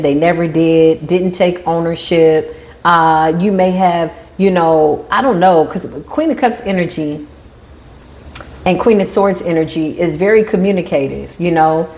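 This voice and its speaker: A woman giving a tarot reading in an animated, emphatic way, sometimes acting out the voices of the people she describes. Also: lowish voice. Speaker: tarot reader.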